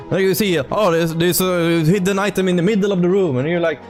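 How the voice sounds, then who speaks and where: A young man chats casually on a live stream, rambling and animated with playful swearing. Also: high-pitched, quick pace, few pauses. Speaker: indie game developer streaming. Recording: faint music in background.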